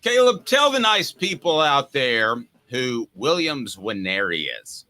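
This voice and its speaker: A man's voice: medium pitch, sing-song, a little slow, pushed and bright. A man hosting a casual sports talk show, rambling and joking, often restarting his sentences. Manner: rambling, joking, self-interrupting.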